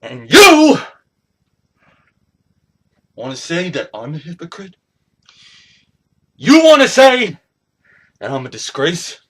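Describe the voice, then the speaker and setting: A young man delivers a boastful, taunting wrestling promo. His voice sits very high and bright, and it swings up and down as he drags out his slow trash talk. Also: wildly swooping pitch.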